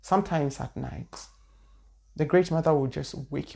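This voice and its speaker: Gravelly-voiced woman spiritual teacher. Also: low voice, unhurried, darkish tone. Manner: earnest, repetitive storytelling. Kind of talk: personal testimony talk.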